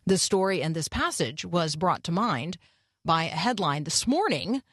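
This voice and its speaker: A woman hosts a morning radio program, reflecting earnestly and pausing with small fillers as she talks. Her voice sits on the low side and sounds close and dry, with no room around it. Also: lively intonation, a bit bright, dry recording. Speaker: radio host. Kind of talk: devotional radio talk.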